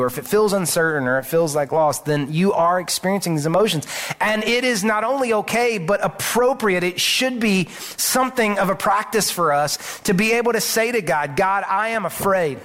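A man preaching in a church, his voice sitting somewhat high for a man. He talks to the congregation in an earnest, conversational way rather than orating, and often restarts a phrase before pushing on. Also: fairly bright tone. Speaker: pastor. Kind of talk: sermon. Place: church sanctuary.

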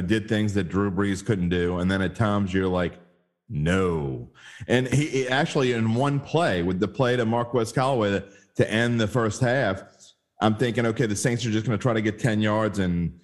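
Male podcast host, lowish voice, casual sports chat with plenty of restarts. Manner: conversational, rambling with restarts.

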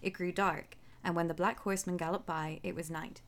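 Woman storyteller with a lower voice, relaxed and chatty between passages. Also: a little fast. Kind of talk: reading a folk tale aloud with chat.

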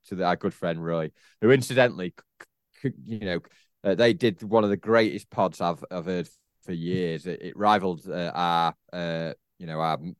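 A man co-hosting a casual football podcast, chatty and animated, laughing often as he tells stories. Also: low-pitched, clean tone, dry recording, clean studio sound. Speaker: podcast co-host.

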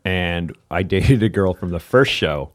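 A man's voice: low-pitched, expressive, measured pace. A man chatting casually, joking and swearing loosely about comedy gigs. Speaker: comedian, show host. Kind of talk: casual chat.

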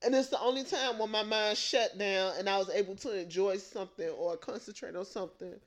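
A young adult woman co-hosting a podcast, telling stories in a loud, laughing, profane, animated way. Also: medium pitch, a little fast. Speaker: podcast co-host. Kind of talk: casual chat.

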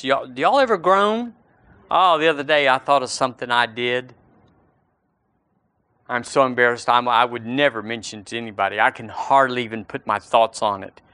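Man preaching, bright, dry close mic, emphatic build and slow scripture reading. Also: mid-range voice, no room sound. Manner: emphatic preaching, slows for scripture and rises on key words. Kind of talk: sermon.

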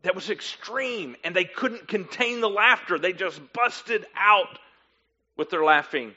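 Animated high-voiced man preaching. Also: measured pace, highs cut off. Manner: animated storytelling, acting out listeners and guests. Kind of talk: sermon.

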